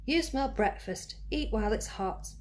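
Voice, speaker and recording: A woman voicing a bossy old giant woman with poor eyesight in a read-aloud storybook, loud and commanding. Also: a little high, lively intonation, normal speed, slight background noise, lightly acted. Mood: scolding. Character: old giant woman, half-blind, bossy but kindly.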